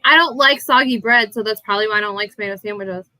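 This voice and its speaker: A woman's voice: medium pitch, fast, sharp tone, dry recording. A woman in a casual livestream chat, chatty and enthusiastic as she tells stories.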